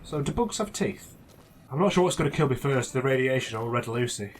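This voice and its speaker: A man's voice: medium pitch, expressive, a little fast, a little hiss or hum. Chatty man teasing through gameplay. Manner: chatty, teasing, rambling with restarts. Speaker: let's play gamer. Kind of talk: casual gameplay commentary.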